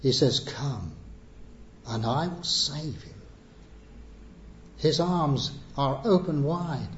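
A man with a slightly mellow voice on the high side preaches an evangelistic sermon, earnest and pleading as he builds to emphatic appeals. It's an echoey, muffled church recording with slight background noise.

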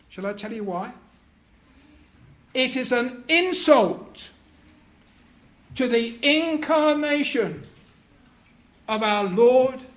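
A preacher with a notably high voice that rises and falls a lot as he preaches. He speaks slowly and deliberately, stressing each phrase, with playful asides to his audience. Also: a bit bright. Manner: deliberate, emphatic, joking with the audience. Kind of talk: sermon.

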